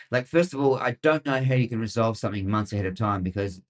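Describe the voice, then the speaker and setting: Aussie guy ranting sarcastically about weather hype, lowish voice, lots of ums. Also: animated, quick pace, hardly any pauses. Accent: Australian. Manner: sarcastic, rambling, many fillers. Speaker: weather podcast host. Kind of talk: casual commentary.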